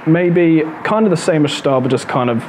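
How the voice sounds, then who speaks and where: A young man who talks in a friendly, easygoing way. Clear background noise from the shop sits behind his voice. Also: a little high, lively intonation, moderate pace, a little mellow. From New Zealand. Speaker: barbershop client.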